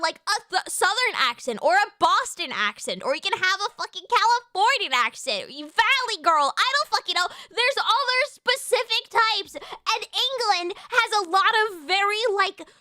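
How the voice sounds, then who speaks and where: An American woman streaming live, chatting casually with her viewers in an excitable, sweary way with quick comebacks. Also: extremely high pitch, no echo. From United States.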